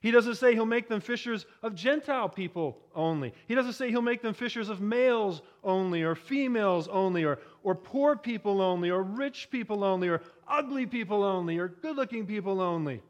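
A man with a fairly high voice preaching a sermon. He talks to the congregation in a chatty way and keeps putting questions to them. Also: expressive, brisk, hardly any pauses. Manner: conversational, asks the congregation questions.

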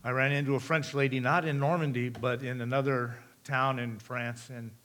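A man's voice: medium pitch, level tone, moderate pace, a bit bright. A middle-aged American man giving a missions talk to a congregation in a conversational way, asking the audience questions and repeating their answers back. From United States. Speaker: missionary speaker.

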